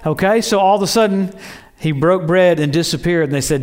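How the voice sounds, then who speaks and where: Male preacher, high voice, excitable, storytelling sermon. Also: moderate pace. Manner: excitable, storytelling, acts out quotes with laughs.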